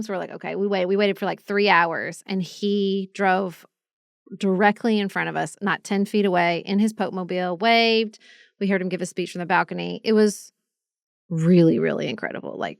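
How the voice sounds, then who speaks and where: A woman's voice: medium pitch, creaky, no room sound, clean studio sound. A woman, co-hosting a podcast and chatting in a casual way, telling travel stories and acting out the people she met. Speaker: podcast co-host. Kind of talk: casual chat.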